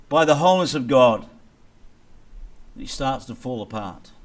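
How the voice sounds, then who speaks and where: A man preaching a sermon as pastor, reading scripture and building to loud dramatic peaks before dropping low. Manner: dramatic preaching with big swings in loudness.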